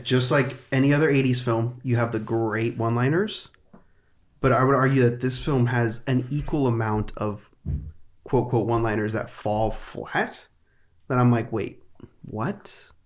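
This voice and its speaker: A man's voice: medium pitch, unhurried. A man co-hosting a movie podcast, chatting casually and nitpicking a film while acting out lines in a mocking voice. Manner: animated nitpicking, acts out quotes. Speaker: podcast co-host. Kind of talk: casual chat.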